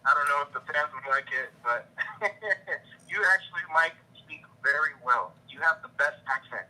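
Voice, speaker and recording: A man chatting as a guest on a collecting show, upbeat and quick to give shout-outs. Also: fairly high pitch, rough recording. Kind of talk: casual chat.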